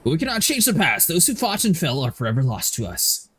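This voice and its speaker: A man's voice: fairly high pitch, huge pitch swings, fast talker, a bit bright, husky, exaggerated voice. A man reading as a grieving old nobleman. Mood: solemn. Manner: reads game dialogue aloud in a formal, mournful tone.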